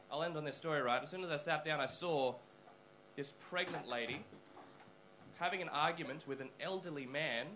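A male stand-up comedian telling a story on a comedy club stage, animated and swearing freely, into a handheld mic. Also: on the high side, rough recording.

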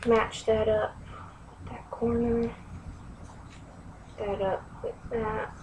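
Tutorial host: woman, high-ish voice, unhurried instructive delivery, recorded from a distance. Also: level tone. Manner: slow, instructive, drops to near-whisper at times. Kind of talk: step-by-step craft tutorial. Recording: distant mic, faint room noise.

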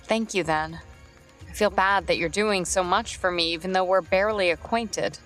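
A woman's voice: on the low side, normal speed, a bit bright, soft background music, lightly acted. A woman voicing a polite young heroine. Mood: pleased. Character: polite young woman stranded in a beast world.

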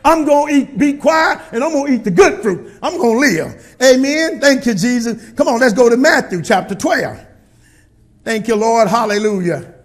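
A middle-aged male pastor preaching a sermon to his congregation in a church, calling for responses and often shouting. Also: extremely high pitch, animated, moderate pace.

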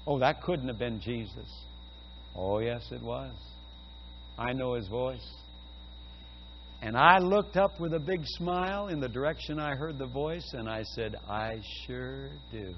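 An older man preaching a sermon, telling a personal story and building to loud, fervent exclamations. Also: mid-range voice, lively intonation, a little slow. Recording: dull lo-fi audio with faint hum.

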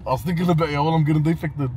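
A man's voice: on the high side, racing. A young man in casual chat, swearing and laughing as he tells a story, recorded on a phone outdoors. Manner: profane, laughing, animated storytelling. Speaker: vlogger. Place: outdoors near traffic. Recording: street and traffic noise.

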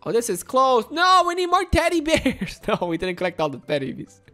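A woman voicing Baby Sonic, a boastful, excitable baby hedgehog, during playful game role-play. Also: high voice, a little fast, soft background music, voice pushed down. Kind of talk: Roblox gameplay role-play.

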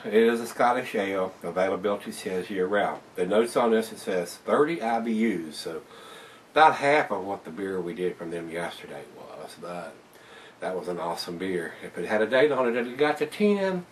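A man's voice: fairly low pitch, recorded from a distance, slight background noise. A man giving a casual, folksy beer review to camera, chatting to viewers as guys. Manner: folksy, laid-back, keeps calling viewers "guys".

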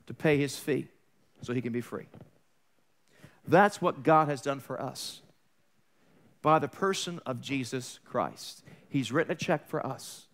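A man preaching an Easter sermon, telling stories and acting out the voices in them, swinging from loud to soft. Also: a little high. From New York area. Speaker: pastor.

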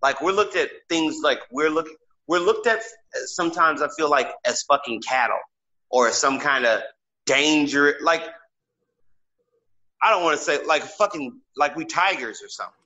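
Bright-voiced man on dull lo-fi audio. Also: on the high side, normal speed. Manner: emphatic, loaded with "like" fillers. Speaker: podcast co-host. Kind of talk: casual podcast talk.

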